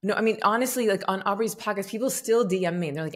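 A woman from the States, a meditation teacher talking as a guest on a podcast, expressive and musing aloud. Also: mid-range voice, quick pace, husky. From Southern United States. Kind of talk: conversational podcast interview.

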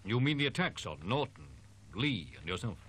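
Guy doing a doubting buddy, husky low voice, lots of ups and downs, audiobook drama. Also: very animated, moderate pace, a bit bright. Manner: reassuring, skeptical. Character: skeptical reassuring male friend.

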